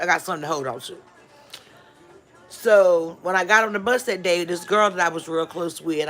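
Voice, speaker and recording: A woman hosting a live stream, telling a rambling storytime and acting out the dialogue. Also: fairly low pitch. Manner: animated storyteller who acts out dialogue; rambling, frequent restarts and asides. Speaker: livestream host.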